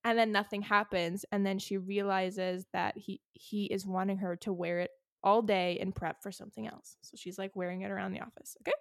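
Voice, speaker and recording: A woman's voice: mid-range voice, flat delivery, fairly quick, gravelly, no echo, studio quality. A woman co-hosting a podcast, recapping a book in casual chat and leaning hard on "like" as a filler. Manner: chatty, heavy use of "like". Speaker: podcast co-host.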